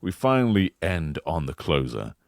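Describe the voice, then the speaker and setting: A man co-hosting a podcast in casual chat, pitching an imagined game console like an animated storyteller. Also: normal speed, gravelly, no room sound, studio quality. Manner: animated storyteller who slips into silly voices. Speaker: podcast co-host.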